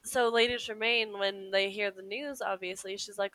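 A woman's voice: medium pitch, fairly even intonation, sharp tone, rough recording. A woman co-hosting a podcast in casual chat, talking loosely and laughing often. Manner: chatty, laughs often, quotes characters in quick put-on voices. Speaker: podcast co-host.

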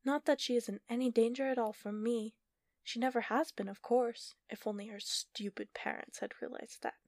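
A woman's voice: a little high, fairly even intonation, normal speed, dry recording, natural voice. A woman narrator voicing a scornful, mocking sorceress with a dry, taunting delivery.

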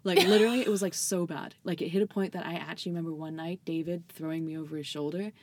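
A woman's voice: on the low side, fairly even intonation, fast talker, breathy edge. A young adult woman in casual podcast chat, telling stories full of fillers and swearing and laughing often. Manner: filler-heavy storytelling, says "like" constantly, swears, laughs often. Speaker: guest.

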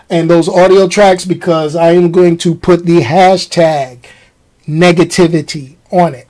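A man with a high-pitched voice hosts his own podcast, ranting casually and animatedly to his listeners and throwing in slang. The recording is rough.

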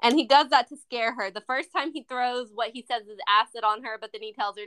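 A woman with a bright, clear voice co-hosts a casual movie podcast. She retells the plot in long stretches and slips into the characters' lines as she goes. Her talk is loose and chatty, full of filler words. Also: on the high side, fairly even intonation, brisk, few pauses. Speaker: podcast co-host. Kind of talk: casual movie review chat.

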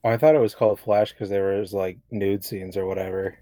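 Lowish-voiced man, sarcastic co-host, dry mic. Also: level tone, a little fast, dark tone, no room sound. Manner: sarcastic, teasing. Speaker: podcast co-host. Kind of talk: casual podcast chat.

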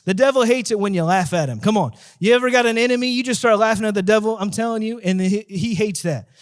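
A man with a high-pitched voice tells his testimony as a guest evangelist. He talks emphatically, repeating his points and rising into a preaching tone. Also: fast, smooth. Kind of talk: testimony told in an interview.

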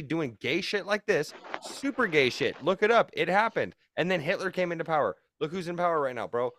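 A man's voice: on the high side, dry recording. A man hosting a podcast, ranting casually with lots of swearing. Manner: profane, animated ranting. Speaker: podcast host.

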